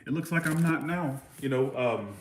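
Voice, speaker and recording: A man's voice: mid-range voice, normal speed, echoey room, slight background noise. A man from Georgia with a Southern US accent, rambling bluntly in a casual livestream chat with viewers. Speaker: channel host.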